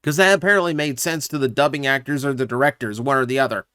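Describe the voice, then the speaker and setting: A man's voice: medium pitch, fast, sharp tone, clean tone, no room sound. A man hosting his own channel, giving casual, opinionated commentary with lots of asides and fillers. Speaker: YouTube channel host.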